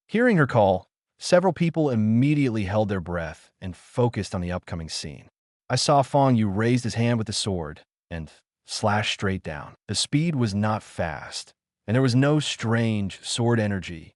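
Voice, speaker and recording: A man's voice: on the low side, big pitch swings, a little slow, a little mellow, dry recording, clean studio sound. A man narrating an audiobook novel, reading every character in the same voice. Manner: reads all characters in one voice with few changes. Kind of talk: scripted narration.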